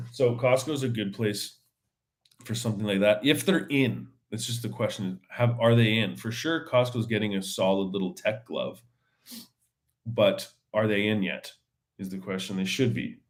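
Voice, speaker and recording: On his solo podcast, a man with a fairly low pitch talks at a measured pace. His casual chat rambles, laced with slang, frequent fillers, and restarts.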